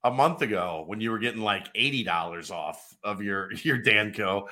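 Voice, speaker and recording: A man's voice: lowish voice, normal speed, bright, forceful tone. A man co-hosting a casual sports podcast, telling stories with a joking manner and laughing often. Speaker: podcast co-host.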